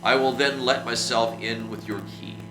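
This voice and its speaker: A man's voice: medium pitch, steady tone, normal speed, background noise, natural voice. A man reading the lines of a menacing foreign stranger of about thirty who snaps curt threats. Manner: curt, snarling orders. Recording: roomy echo with music behind.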